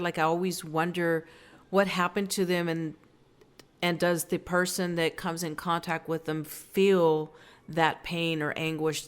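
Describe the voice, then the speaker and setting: A woman with a very low, level voice asks her guest questions in a casual interview. Her tone is smooth and clear, with little rise and fall. She speaks tentatively and lets her thoughts trail off. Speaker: podcast host.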